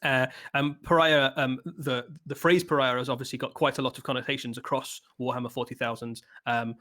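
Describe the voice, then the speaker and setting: A man speaking at a fast clip, though his sentences keep breaking off into ums, uhs and restarts. His voice sits at a middling pitch, and he sounds like he is presenting new products on a live preview stream. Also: fairly even intonation, pushed and bright. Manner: hesitant, many ums and restarts.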